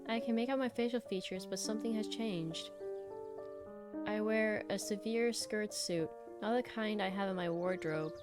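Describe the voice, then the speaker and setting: A woman streamer reads a visual novel aloud. Her middle-pitched voice moves from steady narration into blunt, animated asides, with soft game music running faintly underneath. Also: normal speed. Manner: animated, blunt outbursts between calm reading. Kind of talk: reading a visual novel aloud with live reactions.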